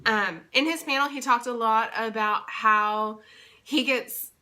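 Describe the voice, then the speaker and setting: A woman's voice: a little high, unhurried, pushed and bright. A young woman from Texas casually recapping a convention weekend in a vlog, enthusiastic and rambling with plenty of fillers and restarts. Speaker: vlogger and convention interpreter.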